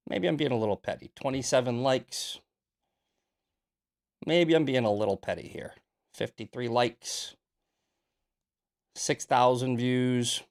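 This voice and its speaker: Male host, American, angry profane rant, mid-pitched voice. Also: gravelly, darkish tone. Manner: heated, profane, repeats himself. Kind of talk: angry ranting commentary.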